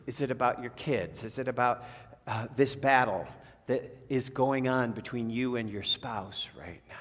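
A man preaching a sermon as pastor. He rises in pitch and force on key phrases and drops low to close his thoughts. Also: a bit bright. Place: church sanctuary. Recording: long church reverb.

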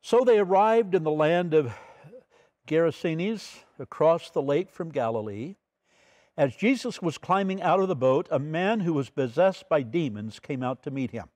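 A male pastor leading a midweek Bible study in a fairly high voice. He tells an anecdote and reads the scripture aloud in a measured, steady way. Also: no echo.

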